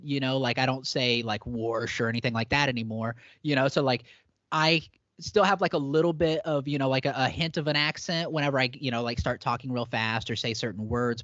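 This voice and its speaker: A man's voice: mid-range voice, fairly bright tone, dry recording. A man hosting a podcast, talking casually in a chatty, filler-heavy way and laughing easily. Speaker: podcast host. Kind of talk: casual chat. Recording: dry, slightly dull podcast audio.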